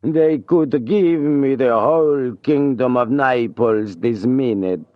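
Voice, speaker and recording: A man voicing a flamboyant male Italian opera singer, with a slow, theatrical, drawn-out delivery. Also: mid-range voice, no echo, muffled recording, voice pushed up, natural voice. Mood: drowsy.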